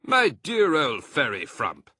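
A man's voice: a little high, slow pace, slightly rough, no room sound, clean studio sound, pitched above the performer's own voice, heavily acted. A man playing a bold, cunning fox. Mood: confident. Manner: lively, emphatic, theatrical. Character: bold, cunning father fox, confident leader.

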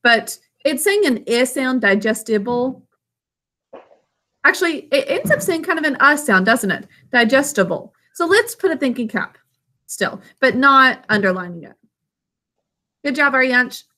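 A woman's voice: sits high, sing-song, moderate pace, pushed and bright. A woman teaching a spelling lesson to children, patiently sounding words out syllable by syllable over a video call.

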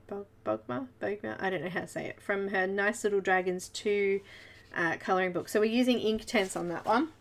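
A woman's voice: fairly high pitch, a bit bright. Chatty Australian woman colouring live. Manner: chatty, giggly, talks to viewers while working. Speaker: host of a live colouring stream. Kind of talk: casual live tutorial chat.

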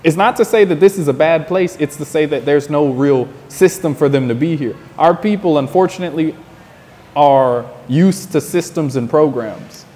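A man from the United States with a fairly high, dark-toned voice speaks at a moderate pace as an interview guest outdoors, though the sound suggests a large hall. He delivers a passionate, preachy monologue that keeps circling back to the same points.

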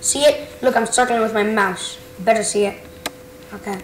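A young woman rambling casually over a driving game she is playing, excitable and swearing, yelling whenever something happens in the game. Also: medium pitch, moderate pace, a little hiss or hum. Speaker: gaming channel host. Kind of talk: casual gameplay commentary. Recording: roomy with game music behind.

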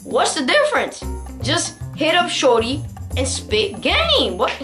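A woman talking casually to her viewers, teasing and slangy, with lots of playful jabs. Her voice sits a bit high for a woman. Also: wildly swooping pitch, slow, a bit bright, faint music behind. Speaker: prank video host. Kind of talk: casual vlog narration.

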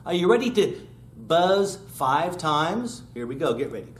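A man's voice: fairly high pitch, very animated, unhurried. A man teaching young children, singing and asking questions in an upbeat way over his guitar. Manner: upbeat, sings with guitar, asks kids questions. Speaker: children's music class teacher. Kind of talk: sing-along lesson for kids. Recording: roomy room with loud guitar. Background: acoustic guitar playing.

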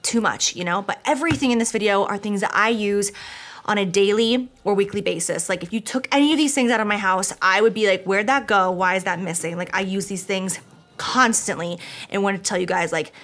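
A woman's voice: mid-range voice, a little fast, a bit bright. A young woman talks straight to camera in a home vlog, reviewing products she loves. She gushes and chatters freely, with filler words and casual swearing throughout. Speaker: beauty vlogger.

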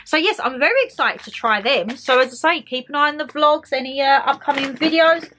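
Bubbly chatty British woman, bright voice. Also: sits high, a little fast. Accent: British English. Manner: chatty, excitable, addresses viewers as guys. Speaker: vlogger. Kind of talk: casual shopping haul vlog.

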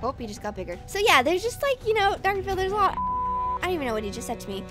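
Excitable high-voiced woman gaming. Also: fast talker, loud music behind the voice. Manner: excitable, gasping, talks to her game pets. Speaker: gaming YouTuber. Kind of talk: let's play commentary.

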